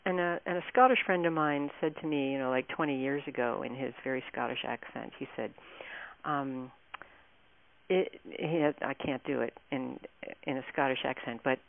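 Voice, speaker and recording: Low-voiced woman on a tinny phone line. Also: creaky. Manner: chatty, meandering storytelling. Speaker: author and guest. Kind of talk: casual radio interview.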